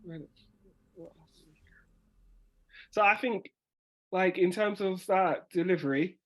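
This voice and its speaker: A man leading a spoken word workshop over a video call, a fast talker who restarts his sentences as he explains. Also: high voice. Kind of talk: casual teaching on a video call.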